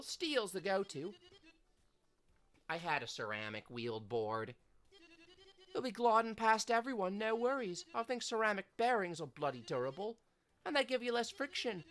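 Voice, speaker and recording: A woman voicing a brash, cheerful young female skater with an Australian accent, talking in loud, slangy banter. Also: a little high, voice pushed up.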